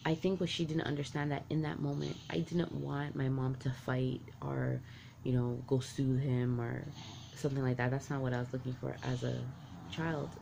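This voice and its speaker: Woman telling a candid story, gravelly. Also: extremely low pitch, little pitch movement, normal speed, warm tone, a little hiss or hum. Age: adult parent. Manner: candid, rambling, heavy use of "like" and restarts. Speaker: vlogger. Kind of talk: personal confessional storytelling.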